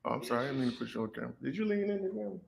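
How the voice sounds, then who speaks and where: A man casually chatting with his viewers while hosting a watch party, relaxed and talkative. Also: mid-range voice, racing, creaky, slight background noise. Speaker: host of a watch party stream.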